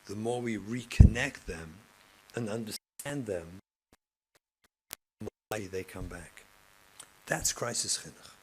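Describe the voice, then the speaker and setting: A man, a rabbi and therapist, giving a passionate lecture to educators, moving from loud emphasis to hushed speech. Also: lowish voice, slow pace, long pauses, slight background noise, low-quality recording. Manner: passionate, acts out classroom scenes, swings between loud and hushed.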